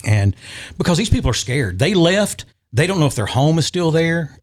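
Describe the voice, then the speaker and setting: A man's voice: a little high, sing-song, normal speed. A man telling an emotional story in a casual podcast chat, with frequent restarts. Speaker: podcast guest.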